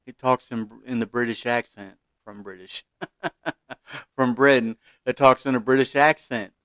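Male podcast host, opinionated commentary, smooth voice, indignant with stumbling restarts. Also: mid-range voice, a little slow, fairly bright tone, no room sound. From Kentucky, USA.

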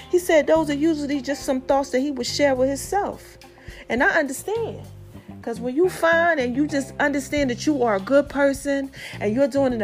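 A woman in her forties hosting a podcast, talking in a sassy, playful casual monologue and laughing often. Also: high-pitched. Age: 40s. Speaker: podcast host.

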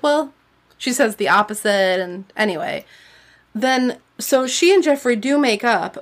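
A woman co-hosting a casual book discussion, chatty and fond of the word "like". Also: medium pitch. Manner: chatty, with frequent "like" and laughs. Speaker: podcast co-host.

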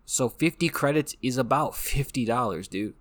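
A man's voice: mid-range voice, normal speed, a bit bright. Rambling joking American man. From United States. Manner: rambling, joking, with frequent restarts. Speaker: podcast host. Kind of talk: casual monologue.

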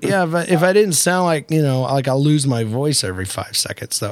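A man hosting a podcast and chatting in a relaxed, jokey way, his voice sitting slightly high for a man. He rambles through asides and restarts his sentences as he goes. The recording is dry and close to the mic. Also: a little fast, few pauses, dry recording. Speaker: podcast host. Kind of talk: casual podcast chat.

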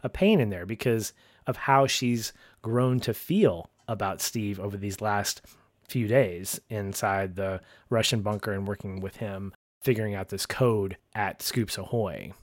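Lively low-voiced man recapping a show. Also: a little slow, no room sound, clean studio sound. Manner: animated, acts out characters' lines. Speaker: podcast co-host. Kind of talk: casual TV recap chat.

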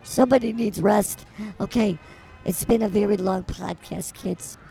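A woman's voice: medium pitch, unhurried, vocal fry, mellow, faint music behind. A woman co-hosting a comedy podcast, teasing and rambling through improvised banter. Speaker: podcast co-host.

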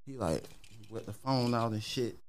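Baltimore rapper telling a story, animated. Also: male voice, mid-range voice, normal speed. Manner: animated, slangy, acts out quotes in raised voice. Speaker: guest rapper. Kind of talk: casual storytelling.

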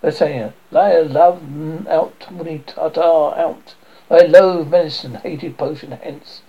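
Scornful young man read by a man, gravelly and dark, lo-fi. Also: a little high, fairly even intonation, slow, full character voice.

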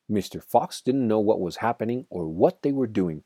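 A man reading a children's storybook aloud in an expressive, dramatic way. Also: fairly low pitch, moderate pace, no room sound, studio quality.

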